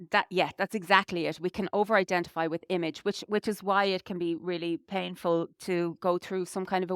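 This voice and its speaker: A woman's voice: on the low side, a bit bright, clear, resonant tone, dry recording, clean studio sound. An Irish woman co-hosting a podcast, talking reflectively in casual conversation with lots of "you know"s. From Ireland. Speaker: podcast co-host.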